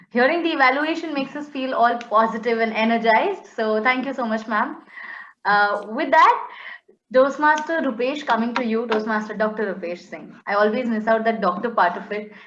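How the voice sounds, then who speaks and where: A woman serving as general evaluator at a club meeting, giving warm, encouraging feedback over a video call. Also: fairly high pitch, echoey room, dull audio.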